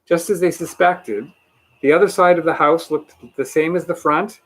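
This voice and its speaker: A man reading a children's book aloud in an animated way, with small slips and restarts. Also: a little high, moderate pace, slightly rough. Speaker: reader.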